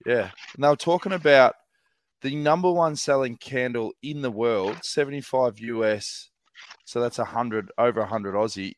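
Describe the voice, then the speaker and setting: A New man teasing his co-hosts and joking around in a casual podcast chat. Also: medium pitch. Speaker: podcast co-host.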